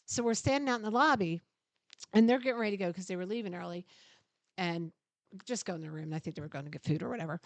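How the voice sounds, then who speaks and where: A middle-aged woman spins a story in relaxed podcast chat. She is animated, laughs often and swears freely. Her voice sits at a mid pitch and sounds dry and close. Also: fast talker, no room sound. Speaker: podcast co-host.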